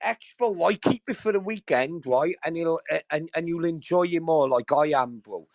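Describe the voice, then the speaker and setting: A man chatting casually on a livestream from home, crude and mocking, swearing constantly, with sudden loud outbursts. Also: fairly high pitch, normal speed, no echo. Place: at home with dogs nearby.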